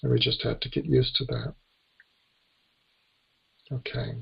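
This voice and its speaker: An American man teaching a webinar lecture in a deeply gravelly, husky voice. He walks through the letters patiently, one by one, at an unhurried pace. The recording sounds dull and lo-fi. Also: big pitch swings. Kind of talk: lecture to an online class. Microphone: computer microphone on a webinar.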